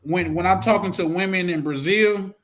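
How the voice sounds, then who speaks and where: Man with a high voice, joking slangy ribber in a casual chat. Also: moderate pace, a bit bright.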